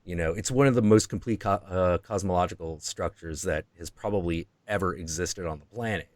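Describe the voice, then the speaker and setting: A man's voice: sits low, fairly quick, no room sound. A man hosting a stream, chatting casually and rambling through ideas, now and then acting out voices in quotes. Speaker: stream host. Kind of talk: casual chat.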